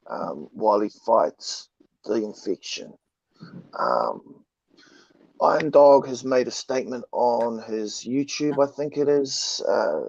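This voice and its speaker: A man with a hoarse, croaky voice from a cold, talking slowly and haltingly as a guest on a live stream. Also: mid-range voice, darkish tone, dry recording, highs cut off. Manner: slow, halting, many ums. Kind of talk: casual live stream talk.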